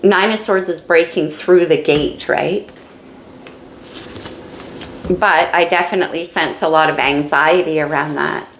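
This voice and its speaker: A woman's voice: low voice, fairly even intonation, measured pace, long pauses, reverberant, a little hiss or hum, poor audio. A woman doing a casual tarot reading, musing and thinking aloud as she turns each card. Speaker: tarot reader.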